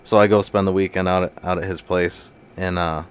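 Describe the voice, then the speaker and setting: A young man with a fairly low voice tells a story in loose, casual chat. He laughs a lot, swears freely and keeps throwing in "dude." He speaks as a guest catching up with a friend. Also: little pitch movement, fairly quick, clear, resonant tone.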